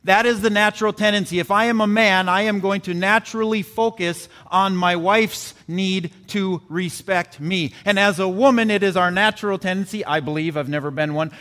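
A man's voice: high voice, bright, forceful tone. A man preaching a sermon as pastor, earnest and repetitive, with asides to the congregation. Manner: earnest preaching with repeated phrases and audience asides. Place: church sanctuary. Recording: long church reverb.

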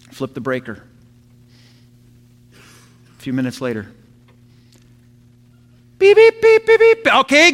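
A man preaching a sermon to his church, telling a story with animated sound effects. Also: mid-range voice. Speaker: pastor.

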